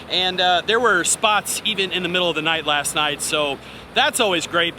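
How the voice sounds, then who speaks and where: A high-voiced man chats casually to the camera about trucking, upbeat and rambling, with restarts. He stands outdoors at a truck stop, and clear traffic and engine noise fills the background. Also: pushed and bright. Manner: chatty, upbeat, trails off and restarts. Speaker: trucker vlogger. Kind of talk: casual vlog talk to camera.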